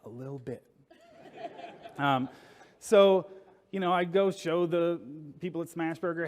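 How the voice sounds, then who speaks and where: A man's voice: a little high, slow, long pauses, in a large hall, slight background noise. A man giving a conference talk, telling a funny story in a casual, wry way with lots of fillers. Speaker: conference speaker. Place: conference hall.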